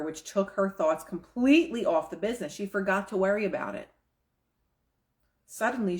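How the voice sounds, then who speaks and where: A woman reading aloud from a self-help book and breaking off into casual, chatty commentary, slipping into quoted inner voices. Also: lowish voice. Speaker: manifestation coach.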